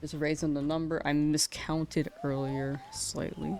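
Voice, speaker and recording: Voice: medium pitch, level tone, measured pace, a little mellow, a little hiss or hum. A game streamer at the end of a long live stream, tired and rambling, often correcting themselves and laughing, talking close to the mic. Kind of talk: casual live-stream chat. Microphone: close to the mouth.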